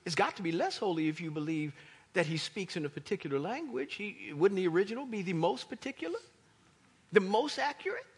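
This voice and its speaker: A man preaching a sermon as a pastor, animated and emphatic, with a slightly husky voice. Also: sits high, fairly quick. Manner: animated preaching, rising to near shouts for emphasis.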